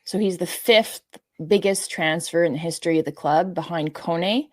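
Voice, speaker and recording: A woman leads a casual sports podcast chat in a low voice, reading out figures and passing questions to her co-hosts. Her voice is recorded close and dry, with no room sound. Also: normal speed, dry recording. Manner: steers the talk and reads out figures. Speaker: podcast host.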